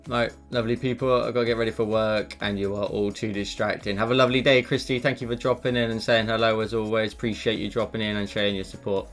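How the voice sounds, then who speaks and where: A man's voice: fairly low pitch, flat delivery, fast talker, hardly any pauses, soft background music. A man chatting casually on a live stream while he draws, rambling with self-deprecating asides into a desk mic. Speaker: live-streaming digital artist.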